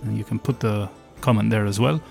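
A man's voice: lowish voice, fairly even intonation, a little fast, vocal fry, a little mellow, faint music behind. A man co-hosting a tabletop game podcast, chatting casually and laughing often. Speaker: podcast co-host and player. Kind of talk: casual chat.

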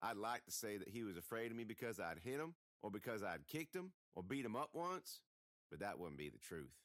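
An audiobook narrator reads a first-person tale with folksy, expressive delivery, his pitch swinging widely and his pace a little fast. The sound is dry and close, with no echo or room around it.

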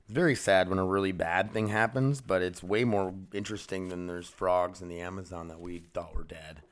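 A man with a deep, fairly quick voice and fairly even intonation hosts a solo podcast from his home studio room. He rambles and gets easily sidetracked, swearing casually as he grows frustrated with himself in a self-deprecating way.

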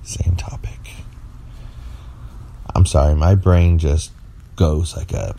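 Deep-voiced tired man rambling playfully. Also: expressive, unhurried, gravelly, mellow. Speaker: podcast co-host. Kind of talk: casual late-night chat.

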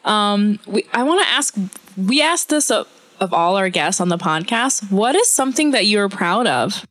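A woman's voice: medium pitch, very animated, moderate pace, fairly bright tone. A woman hosting a podcast, emotional and rambling as she shares her own story, often breaking into laughter. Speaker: podcast host. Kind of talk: casual interview talk.

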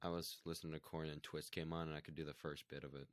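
Deep-voiced monotone man. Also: fast, no echo, studio quality. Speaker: podcast co-host. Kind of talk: casual chat.

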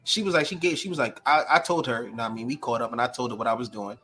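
A man from Brooklyn, New York, speaks at a racing pace with a medium-pitched voice. He's a cosplay creator appearing as a podcast guest, an animated storyteller whose casual chat is packed with slang and fillers.

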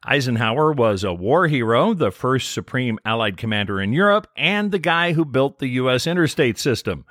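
A man co-hosting a show, recapping scenes with animated storytelling and wry asides. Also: mid-range voice, moderate pace, dry recording, clean studio sound. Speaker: podcast co-host. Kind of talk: casual recap narration.

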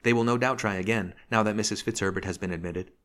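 A gentle, earnest young woman answering with quiet respect, as a male narrator reads her lines. The reading lifts only slightly from his own deep voice. It belongs to a storybook reading. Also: fast talker, natural voice.

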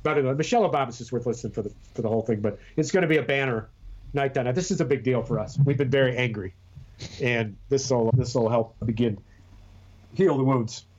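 A man holding forth in casual podcast chat, swearing freely and restarting his sentences as he rambles. His voice sits at an ordinary middle pitch, and the recording sounds a little dull and lo-fi. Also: brisk, darkish tone, slight background noise. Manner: profane, rambling, with many restarts. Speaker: podcast co-host.

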